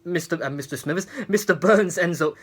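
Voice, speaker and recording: A man's voice: a little high, fairly quick, a bit bright. A man giving a casual, rambling episode recap with many restarts. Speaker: episode reviewer.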